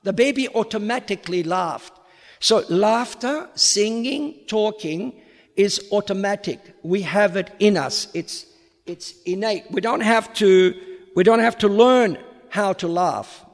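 A high-voiced man with an Australian accent, tinged faintly American, gives an unhurried lecture as a priest. He takes his time and often repeats a word while reaching for the next one. His voice rings out with the long reverb of a hall. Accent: Australian with a slight American tinge. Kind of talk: public lecture.

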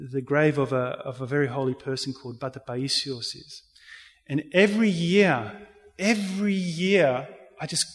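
A man, speaking as an interview guest and telling an earnest personal faith story, with frequent restarts. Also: on the high side. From Australia. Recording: reverberant hall sound.

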